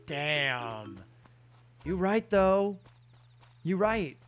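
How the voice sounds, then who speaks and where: A man live-streams a video game, chatting casually with viewers in a rambling, self-deprecating way. His voice is fairly high-pitched and his pace measured, with faint music behind him.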